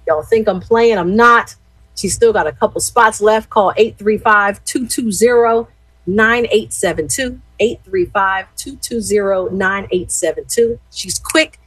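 Chatty husky woman host. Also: mid-range voice, measured pace, no room sound, poor audio. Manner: chatty, animated, talks straight to listeners. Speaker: radio host. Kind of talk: casual radio chat and shout-outs.

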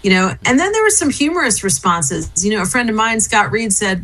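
A middle-aged woman talking as an interview guest. She speaks in a thoughtful, conversational way, often pausing on fillers and restarting her sentences. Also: mid-range voice, very animated, fairly bright tone, low-quality recording. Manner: thoughtful, frequent fillers and restarts, light laughter. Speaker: interview guest, former business council head and diplomat.

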